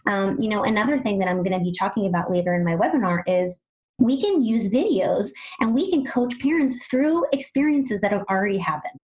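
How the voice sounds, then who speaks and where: A woman speech-language pathologist co-hosting a podcast, chatting quickly and animatedly with lots of "you know"s. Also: medium pitch, animated, darkish tone, rough recording. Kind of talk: casual podcast chat.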